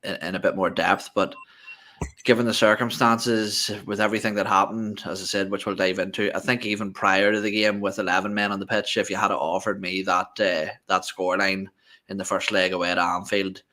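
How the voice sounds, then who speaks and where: A man co-hosting a football fan podcast, talking in long, measured, winding sentences. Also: low voice, level tone, bright, forceful tone. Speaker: podcast co-host. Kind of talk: casual fan show talk.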